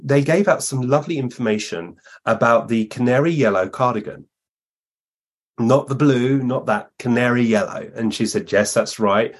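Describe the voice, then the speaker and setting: Husky man telling lively stories. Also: mid-range voice. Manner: lively anecdotes, acts out quoted voices. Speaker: guest medium. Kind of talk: storytelling in a podcast interview.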